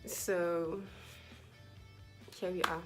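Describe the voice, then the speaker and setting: A young woman vlogger telling a personal story to camera in a casual, animated way, acting out what people said and sometimes dropping to a whisper. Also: lowish voice, extremely slow, music in the background. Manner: animated, acts out quoted dialogue, drops to whispers.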